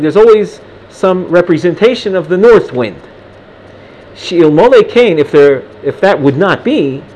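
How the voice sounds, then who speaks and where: A man's voice: on the high side, a little mellow. A man teaching a Gemara lesson, reading Aramaic lines in an Ashkenazi Hebrew pronunciation and translating them, with frequent restarts. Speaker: Talmud teacher.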